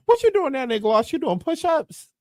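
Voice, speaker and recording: High, lively woman reacting to clips. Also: moderate pace, dry recording, clean studio sound. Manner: loud, laughing, mocking. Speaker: commentary host reacting to clips. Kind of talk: reaction commentary.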